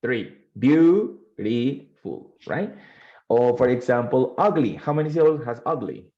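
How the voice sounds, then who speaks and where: A man's voice: medium pitch, normal speed, mellow, muffled recording. Man teaching English in a voice. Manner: switches between English and Spanish, quizzes students. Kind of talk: bilingual classroom lesson.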